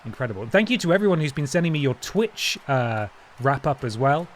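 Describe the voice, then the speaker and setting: A man's voice: mid-range voice, sing-song, fairly quick, slight background noise. A man hosting a live stream, chatting casually and thanking viewers one by one by name, often trailing off and restarting mid-sentence. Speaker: livestream host.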